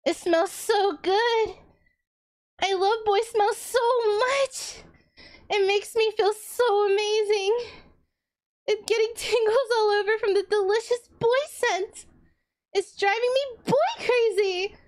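A woman's voice: steady tone, slow. A woman voicing a giddy, boy-crazy young woman who gushes breathlessly, in a comic reading of a viewer redeem. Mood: gushing. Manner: breathless, gushing, squealing up high.

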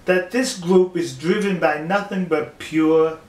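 High-voiced man ranting in an echoey room. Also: fairly even intonation. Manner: mocking, emphatic, slow deliberate stresses. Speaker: video commentator. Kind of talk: ranting opinion monologue.

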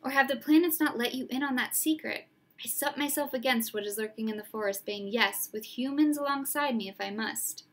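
Woman voicing a solemn young centaur, earnest, measured, slightly high. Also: natural voice. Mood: grave.

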